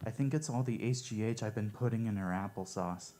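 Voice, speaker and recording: Deadpan man doing stand-up one-liners. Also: fairly low pitch, fairly quick. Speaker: open mic comedian. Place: coffee shop open mic.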